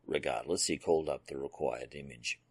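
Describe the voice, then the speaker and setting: A man reading a fan fiction audiobook aloud in a steady storytelling manner. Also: very deep voice, moderate pace, creaky, husky, no room sound. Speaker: audiobook narrator. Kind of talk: scripted narration.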